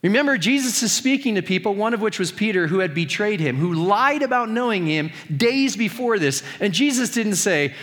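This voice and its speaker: High-voiced male pastor preaching in a hall. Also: lively intonation, moderate pace, few pauses, fairly bright tone. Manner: conversational, humorous, earnest preaching. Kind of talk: sermon.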